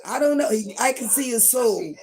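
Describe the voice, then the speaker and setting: Gravelly middle-aged woman rambling on a livestream. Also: fairly high pitch, expressive, moderate pace. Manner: rambling, gossipy, bursts into loud outbursts.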